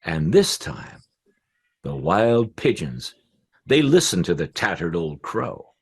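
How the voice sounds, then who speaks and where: A man who is a professional storyteller, telling a folk tale in an expressive, rhythmic way with repeated phrases. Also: low-pitched, takes it slowly, slightly rough. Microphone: pre-made recording.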